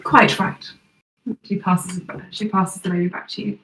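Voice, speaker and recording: A woman's voice: fairly low pitch, little pitch movement, unhurried, fairly bright tone, a little hiss or hum. A woman narrating a tabletop game as game master, describing the characters' actions. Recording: roomy, distant mic.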